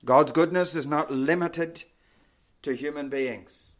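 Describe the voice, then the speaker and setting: This male preacher takes his time, speaking in a measured, emphatic way with a voice slightly higher than typical for a man. Key words get heavy stress, and his lines tend to trail off into a soft, low ending.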